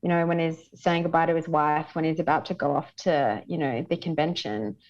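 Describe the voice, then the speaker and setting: A woman's voice: low voice, steady tone, a little fast, darkish tone, highs cut off. A woman as the show's pop culture correspondent, reviewing a film in casual podcast chat, with many ums and restarts.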